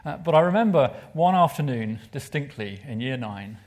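Man, sermon, mid-range voice, expressive, rhetorical questions, hushed emphasis. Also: medium pitch, moderate pace. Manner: asks the listeners rhetorical questions. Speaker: preacher.

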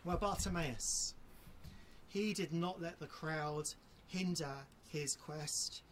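A preacher giving an earnest sermon, appealing directly to listeners and slowing down to repeat key phrases for emphasis. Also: medium pitch, a little hiss or hum.

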